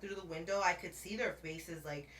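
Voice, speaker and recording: A woman's voice: fairly low pitch, normal speed, a bit bright, reverberant, far from the mic, slight background noise. A woman vlogger telling a dramatic story in a casual chat, laughing often and calling the viewer bestie while she paints her nails.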